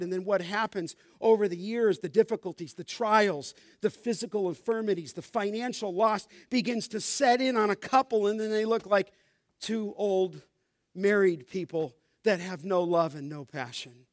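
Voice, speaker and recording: A middle-aged man preaching with a high, ringing voice. He moves between chatty storytelling and fervent exhortation, and the sound is close and dry with no room around it. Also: a little slow, dry recording. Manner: passionate, rising to emphatic exhortation; storytelling, conversational asides. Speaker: pastor. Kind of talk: sermon.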